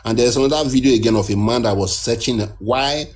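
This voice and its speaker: A man's voice: mid-range voice, a little fast. A man from Nigeria, earnestly explaining as a guest in a casual discussion, often restarting his sentences. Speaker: guest caller.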